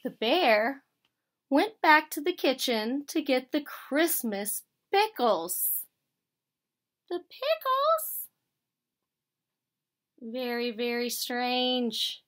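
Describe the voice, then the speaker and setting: A female teacher with a slightly high voice reads a picture book to children, telling the story expressively and stopping to ask them questions.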